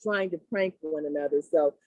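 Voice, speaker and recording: A woman's voice: sits low, normal speed, darkish tone, no room sound, dull audio. A woman presenting a podcast segment in a chatty, giggly way. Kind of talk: casual chat.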